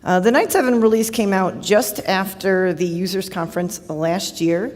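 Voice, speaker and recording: A woman presenting software updates at a conference, talking fast and upbeat, her voice a little hoarse. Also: medium pitch. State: voice going hoarse. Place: large conference hall. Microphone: handheld or podium mic. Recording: reverberant conference hall.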